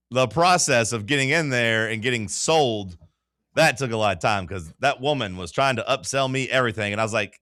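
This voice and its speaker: A man's voice: on the low side, fairly bright tone, dry recording, clean studio sound. A man hosting a sports radio show, telling a long story in casual chat and acting out the voices of the people he quotes.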